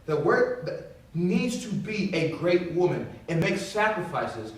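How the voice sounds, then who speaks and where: A man's voice: high-pitched, big pitch swings, measured pace. Man lecturing in distant echoey audio. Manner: lecturing, emphatic, repeats himself. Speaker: man in a played private recording. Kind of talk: heated private argument.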